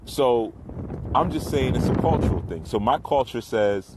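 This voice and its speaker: A middle-aged man who is a spiritual teacher rambles loosely outdoors by the water in a casual monologue, with some profanity. His medium-pitched voice is expressive and moves at normal speed, and wind noise is audible in the recording.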